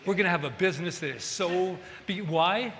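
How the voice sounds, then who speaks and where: Guy giving a sermon, bright kinda high voice, acts out scenes, echoey hall. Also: fairly quick. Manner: animated, acts out film scenes. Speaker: minister. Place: church hall. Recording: church hall reverb, faint room noise.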